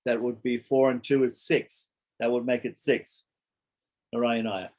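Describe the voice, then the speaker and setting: A man's voice: mid-range voice, flat delivery, unhurried, darkish tone. A man teaching a scripture study class, explaining carefully, repeating points and often checking that listeners follow.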